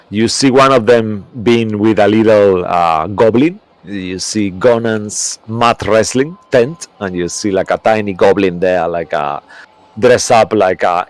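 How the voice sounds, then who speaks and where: A man's voice: lowish voice, dry recording. A man running a tabletop game as game master, narrating in a rambling way and searching for words.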